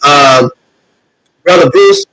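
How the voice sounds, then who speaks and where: A man's voice: fairly high pitch, slow pace, pushed and bright, dry recording, low-quality recording. A man hosting a live stream, reading viewer comments and addressing his audience in an earnest, repetitive, preacher-like cadence with many fillers; he is emotional. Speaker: host of a streaming show.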